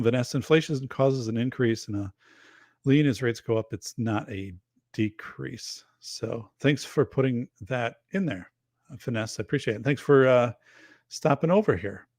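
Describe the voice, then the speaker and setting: Male livestream host, mid-pitched, loose rambling chat, very dry close sound. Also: expressive, normal speed, darkish tone, no room sound. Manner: rambling, chatty, reads chat aloud. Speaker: show host.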